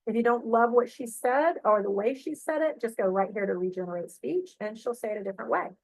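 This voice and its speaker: A middle-aged woman librarian walks through software on a shared screen, chatty and full of fillers and check-ins. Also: fairly high pitch, a little fast, no echo, poor audio. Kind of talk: screen-share tutorial walkthrough.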